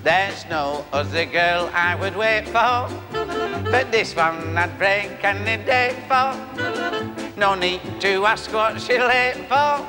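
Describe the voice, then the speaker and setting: A man's voice: high voice, takes it slowly. A man doing an impression of a cheery Lancashire music hall singer, singing a jaunty song with a Lancashire accent. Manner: sung over a jaunty band, chirpy.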